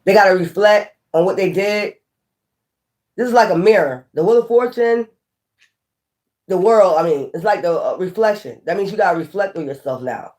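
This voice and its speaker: A woman giving a casual, animated tarot reading, often scolding and repeating herself. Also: on the low side, normal speed. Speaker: tarot reader.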